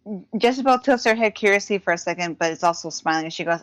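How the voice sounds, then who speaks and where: A woman's voice: fairly low pitch, fast, no echo. A woman describing her character's actions in a casual tabletop role-play game. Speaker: player.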